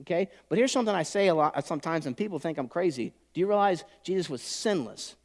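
High-voiced preaching man in a hall. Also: fast talker. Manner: animated preaching, swells loud and drops soft. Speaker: pastor. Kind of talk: sermon.

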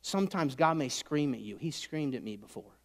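Dramatic preacher, shout to whisper. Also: male voice, mid-range voice, animated, normal speed, gravelly. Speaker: pastor. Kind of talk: sermon. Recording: long hall reverb.

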